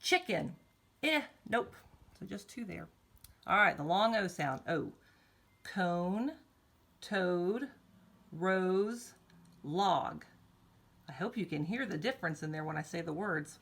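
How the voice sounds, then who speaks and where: A woman teaching kindergartners phonics, slowly drawing out vowel sounds in an encouraging, sing-song way and speaking straight to the children. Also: on the low side, lively intonation, vocal fry, a bit bright, slightly rough. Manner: encouraging, talks directly to children. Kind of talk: recorded morning meeting lesson for young children.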